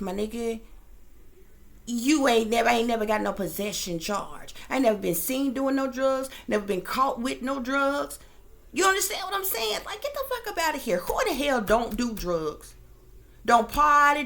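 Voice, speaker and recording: Woman ranting to her viewers, cussing a lot, kinda high voice with lots of fry. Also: a bit bright. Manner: heated, profane and emphatic, addressing viewers directly. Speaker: psychic reader and channel host. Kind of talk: casual storytime rant.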